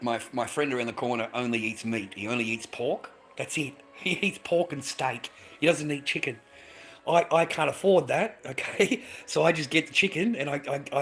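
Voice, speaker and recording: An Australian man ranting on a casual livestream. He swears constantly, tags "mate" onto nearly every line, and swings between low mumbles and loud, heated outbursts.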